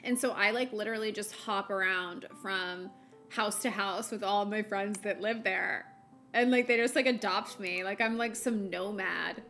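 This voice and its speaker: A woman's voice: mid-range voice, moderate pace, fairly bright tone, soft background music. A young American woman streaming a game, chatting casually with her viewers and laughing often. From United States. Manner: chatty, giggly, lots of fillers. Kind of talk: casual chat while gaming, reading chat.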